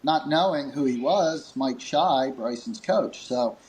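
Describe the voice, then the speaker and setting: The recording is low quality, with slight background noise, and the man speaks slowly. He owns a grip company and spins a long story in an interview, animatedly performing quoted dialogue with pitch jumps and chuckling amid his fillers.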